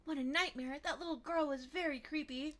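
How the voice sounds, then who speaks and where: A woman's voice: sits high, fairly even intonation, fairly quick, a bit bright, voice pushed up. A woman reading aloud the lines of an anxious young woman lost in a horror game, in an earnest, uneasy manner.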